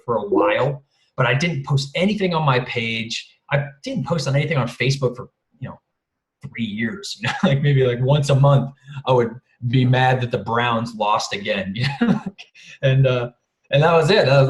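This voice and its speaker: A man tells a story as a guest speaker, rambling and chuckling often, with casual swearing. His pitch sits in the middle range. The video call audio sounds roomy.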